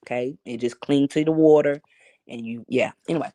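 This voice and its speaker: A woman live-streaming in casual chat, telling profane, animated stories and talking to her viewers. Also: a bass voice, fairly quick, no room sound. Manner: talks to chat and reads comments aloud.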